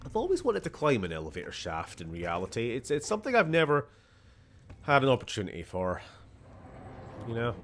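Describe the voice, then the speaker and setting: A man's voice: medium pitch, huge pitch swings, fairly quick, pauses often, fairly bright tone, a little hiss or hum. A man with a Scottish accent giving casual, rambling let's-play commentary, laughing often and talking to the characters on screen. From Scotland. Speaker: gaming channel host.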